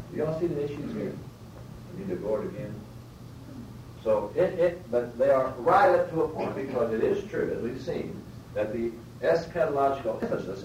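A man's voice: medium pitch, darkish tone. A man teaching a Bible class, explaining step by step, often rephrasing and putting questions to his listeners. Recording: roomy, distant mic, faint background noise.

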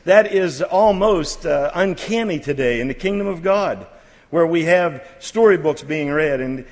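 A middle-aged man preaching at a church camp, folksy and halting with many restarts, building to fervent exhortation. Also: a little high. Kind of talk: sermon. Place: church camp meeting hall. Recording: long hall reverb.

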